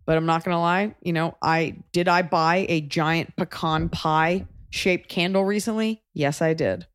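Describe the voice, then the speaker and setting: A woman's voice: on the low side, measured pace, clean tone, dry recording, clean studio sound. A woman from Texas hosting a podcast, chatting casually and acting out voices in her stories. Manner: chatty, acts out voices in anecdotes. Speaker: podcast host. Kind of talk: casual chat.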